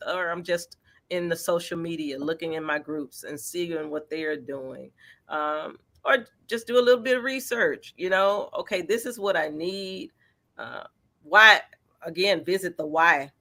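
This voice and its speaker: This woman sits low in her vocal range. She's a featured artist responding to interview questions with lively encouragement, illustrating her points with examples from daily life.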